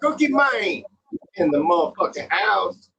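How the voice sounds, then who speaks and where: A man's voice: high voice, very animated, measured pace, sharp tone, rough recording. A man co-hosting a casual livestream, chiming in with hyped, swearing interjections. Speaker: co-host.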